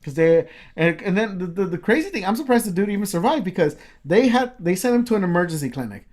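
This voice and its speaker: A man's voice: high-pitched, big pitch swings, fast, a little mellow. A man co-hosting a casual podcast, telling a long story with many fillers, restarts and swear words. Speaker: podcast co-host.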